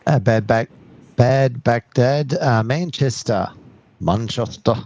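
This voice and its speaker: Man, australian accent, co-host, chatty, friendly, mid-low voice. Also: slow, a little mellow. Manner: friendly, chatty, greets viewers. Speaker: co-host reading live chat. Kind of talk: casual live stream chat. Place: outdoors at an airport.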